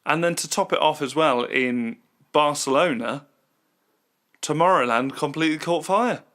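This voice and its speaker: Bright-voiced young man, incredulous. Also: a little high, normal speed. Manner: animated, incredulous storytelling. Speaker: podcast co-host. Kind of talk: casual chat.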